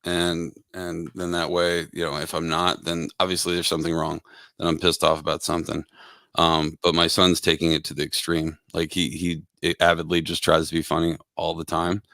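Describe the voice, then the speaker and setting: A man's voice: sits low, completely flat delivery, moderate pace, vocal fry, pushed and bright, no echo, clean studio sound. A man hosting a casual podcast chat, joking in crude banter. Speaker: podcast host.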